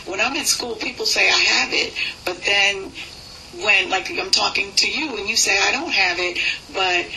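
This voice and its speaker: A woman's voice: medium pitch, moderate pace, bright, forceful tone, slight background noise, rough recording. A woman with a New York accent, speaking as a guest in a casual radio interview and laughing easily.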